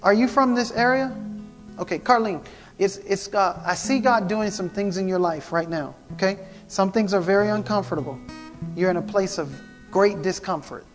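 A man's voice: high-pitched, moderate pace. A man preaching a prophetic sermon, fervent and repetitive, calling out to the congregation. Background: guitar music.

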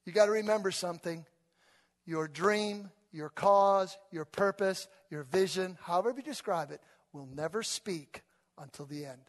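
A man preaching an animated sermon, exhorting and calling his congregation to read along. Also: on the high side. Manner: animated, rising to loud exhortation, call-and-response with congregation. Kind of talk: energetic sermon. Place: church sanctuary. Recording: long reverb of a large hall.

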